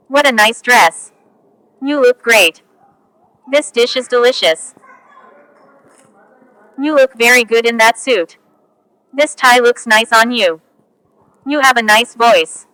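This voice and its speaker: A woman reading English example phrases one at a time for learners, slow and careful. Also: a little high, bright, forceful tone, no echo, rough recording. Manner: slow, careful, each phrase spoken on its own. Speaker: English teacher.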